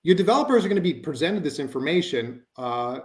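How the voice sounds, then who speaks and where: A man's voice: a little high, very animated, fast. A man giving a conversational webinar presentation, explaining with frequent fillers like "you know" and "um.".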